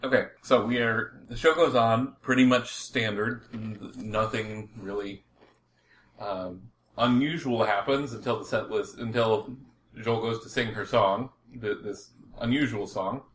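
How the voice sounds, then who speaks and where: A man acting as game master, narrating a tabletop game in a relaxed, rambling way with frequent laughs. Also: fairly low pitch, unhurried, slight background noise.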